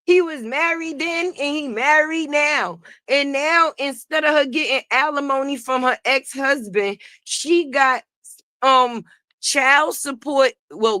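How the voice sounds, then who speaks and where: A woman hosting a casual gossip commentary stream, profane and animated, talking straight to her viewers. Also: sits high, dry recording, clean studio sound. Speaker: host.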